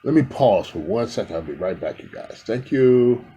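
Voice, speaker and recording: A man's voice: mid-range voice, animated, moderate pace, mellow, slight background noise. A man in a casual, rambling talk to his viewers, addressing them directly and affectionately while filming himself indoors. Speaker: spiritual vlogger.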